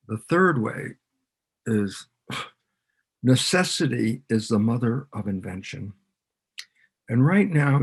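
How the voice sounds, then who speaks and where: A man with a gravelly, somewhat husky voice talks as a guest on an interview podcast. He explains his points with lively energy, often switching into quoted voices to act out little back-and-forth exchanges. His pitch sits in an ordinary middle range. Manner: animated, acts out both sides of dialogues.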